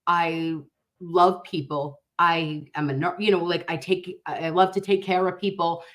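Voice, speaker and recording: A woman's voice: on the low side, steady tone, unhurried, fairly bright tone. A woman nurse hosting a casual livestream, reacting to viewer comments in a blunt, fiery and profane way, openly passionate and outraged.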